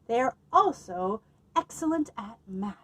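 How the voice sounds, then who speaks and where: A librarian with a slightly high, husky voice reads a picture book aloud at children's story time, expressive and lively. She stops now and then to ask her listeners questions, and the recording is low quality.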